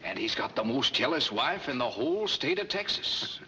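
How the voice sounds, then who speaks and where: An actor playing a smooth male con man with a brisk, confident, wisecracking manner, in a 1940s film comedy. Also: mid-range voice, very animated, pushed and bright, slight background noise, rough recording.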